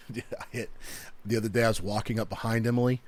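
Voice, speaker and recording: A man's voice: on the low side, steady tone, fairly quick. A man co-hosting a podcast in casual chat, laughing often as he rambles through stories. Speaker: podcast co-host.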